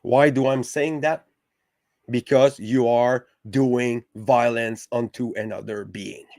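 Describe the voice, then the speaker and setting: A man's voice: medium pitch, steady tone, a little mellow, no room sound, studio quality. A man hosting a podcast, arguing passionately with lots of swearing and stumbling restarts. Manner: profane, passionate, halting with restarts. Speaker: podcast host. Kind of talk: heated casual discussion.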